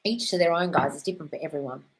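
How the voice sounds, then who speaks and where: A woman hosts a live question-and-answer stream, giving advice in a slightly low voice. She talks frankly and directly, with plenty of swearing. She calls her viewers darling. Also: animated, racing, low-quality recording.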